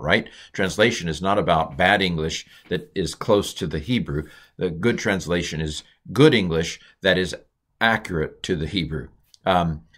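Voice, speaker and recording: A man with a notably low voice talks through a lesson in a casual, unscripted way. He thinks aloud, fills pauses with "um" and "uh", and restarts sentences. When he sounds out foreign words he slows right down and stretches each syllable. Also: fairly bright tone. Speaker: Hebrew teacher. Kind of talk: informal recorded language lesson.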